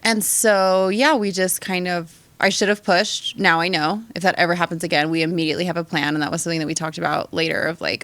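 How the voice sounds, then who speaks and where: A woman's voice: on the low side, quick pace, few pauses, no room sound. A young woman hosting a casual podcast chat, telling stories bluntly and swearing freely. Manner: animated, blunt storyteller who swears freely. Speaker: podcast host.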